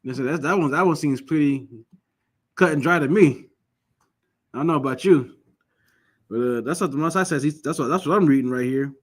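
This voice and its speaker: A man with a slightly high voice teaches a scripture class. He speaks emphatically and repeats himself, pushing questions at the group and telling lively stories to make his point. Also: fairly quick, long pauses. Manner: lively storytelling.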